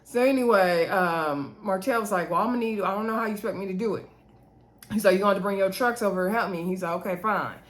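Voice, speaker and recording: A woman's voice: mid-range voice, fast talker. A woman casually recapping a reality show, retelling scenes in quoted dialogue with chatty asides. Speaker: TV recap host.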